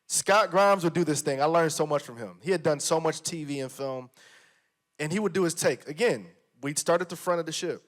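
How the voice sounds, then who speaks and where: A man's voice: fairly high pitch, fairly quick. A man, an actor on a panel, chatting casually and emphatically about his work on set, often repeating himself. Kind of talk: casual conversation.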